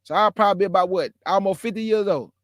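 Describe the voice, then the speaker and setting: A fast-talking man in his forties has a high-pitched, slightly bright voice on a dry, studio-quality recording. Calling into an online religious discussion, he preaches in a casual, emphatic manner and calls people bro and y'all.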